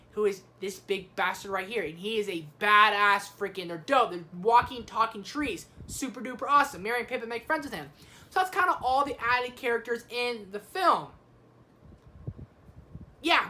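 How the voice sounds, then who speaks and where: A young woman giving a casual movie review, excitable and slangy, swearing freely. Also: on the high side.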